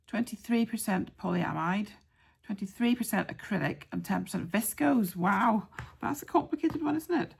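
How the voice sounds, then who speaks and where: Gravelly-voiced woman chatting about crafts. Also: mid-range voice. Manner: chatty, with many ums and soft asides. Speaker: craft podcast host. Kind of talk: casual chat showing yarn and patterns.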